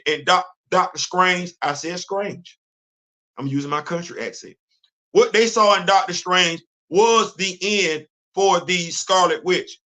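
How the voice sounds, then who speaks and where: Bright-voiced, high-pitched ranting male host. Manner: emphatic, exasperated, loose slangy talk. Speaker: podcast host. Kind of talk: casual commentary rant.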